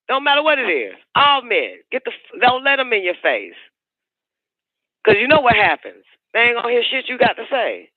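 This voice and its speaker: A man holds forth on a call-in radio show, preachy and profane, circling back to the same points again and again. His voice sits a bit high and swings widely in pitch. The sound is dry and squeezed into a narrow, phone-like band. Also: no room sound.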